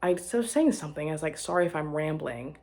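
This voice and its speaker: Young woman, casual vlog chat; low-ish breathy voice, rambling and self-correcting. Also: lively intonation, fast, a little mellow. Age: young adult. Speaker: vlogger.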